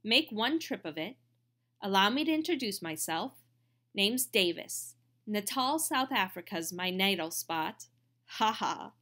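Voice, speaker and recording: A woman's voice: mid-range voice, animated, unhurried, a bit bright. A woman reading aloud and voicing a big, bluff, jovial colonial man with a breezy, hospitable manner.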